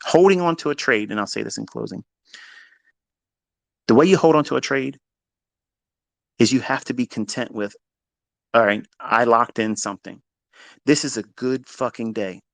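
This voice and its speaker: A man giving an unscripted motivational lecture as a trading mentor, blunt and profane, dropping to low mutters and then rising to loud, emphatic outbursts. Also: dry recording.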